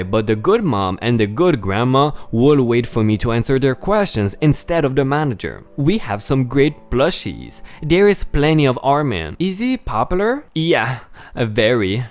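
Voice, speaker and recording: A man reading online stories aloud as narrator, with chatty asides to viewers. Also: medium pitch. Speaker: story narrator. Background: faint background music.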